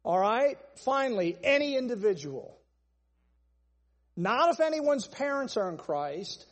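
In a large hall, a man with a high voice preaches a sermon, driving his points home emphatically through long, repeated lists.

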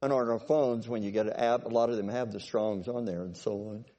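A male preacher delivers a sermon in a chatty, meandering way, circling back and asking whether everyone is with him. His voice sits at an ordinary middle pitch. A long reverb from the hall trails after his words. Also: steady tone, brisk, dark tone. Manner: conversational, repeats himself, asks the congregation if they follow.

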